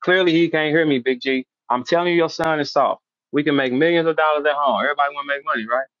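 Middle-aged male host, brash trash talker, slightly high voice, dull dry recording. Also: fast, fairly bright tone, dry recording. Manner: brash, repetitive, calling out a rival. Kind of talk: animated trash talk in a casual interview.

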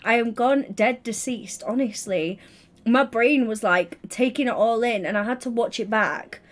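Giddy, bubbly woman streaming. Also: fairly high pitch. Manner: giddy, bubbly and chatty, quick asides to chat. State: tired, yawning. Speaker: livestreamer. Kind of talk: casual livestream chat. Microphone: headset.

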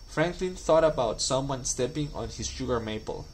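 A man reading a children's storybook aloud at a school, calm and clear. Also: mid-range voice, normal speed, slight background noise, low-quality recording. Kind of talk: scripted narration.

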